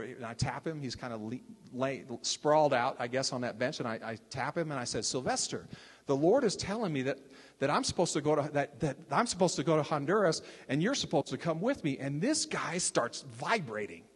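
Animated older man telling a story, reverberant. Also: medium pitch. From Texas. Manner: animated, chatty storyteller with many restarts and asides. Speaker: ministry leader telling his testimony. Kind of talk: casual storytelling testimony.

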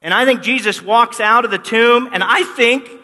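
At a normal speed, a man preaches in a very high-pitched, pushed and bright voice, his words carried by long hall reverb. He's a pastor giving a sermon, telling the story with animation and acting out what's quoted.

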